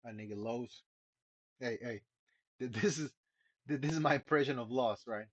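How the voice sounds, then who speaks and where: A man's voice: mid-range voice, moderate pace, no echo. A man giving casual live commentary while streaming a game, laid-back and profane, sighing often. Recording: dull lo-fi stream mic.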